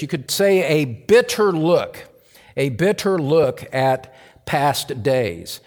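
A man's voice: a little high, long reverb tail. A man preaching an earnest expository sermon, reading scripture aloud and explaining it.

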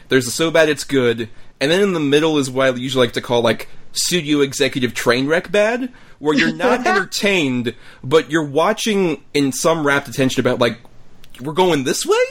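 A man co-hosting a movie podcast who talks in an animated, mocking way and swears. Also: mid-range voice, moderate pace, hardly any pauses. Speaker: podcast co-host. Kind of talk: casual movie review chat.

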